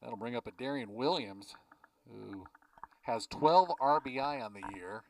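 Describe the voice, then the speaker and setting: A man calls a baseball game pitch by pitch in an easygoing, chatty way, filling the gaps between pitches with schedule notes and small remarks. His voice sits at an ordinary middle pitch for a man. The mic picks him up from a little way off. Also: expressive, measured pace, creaky, recorded from a distance, slight background noise, rough recording. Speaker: play-by-play announcer. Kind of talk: baseball play-by-play commentary.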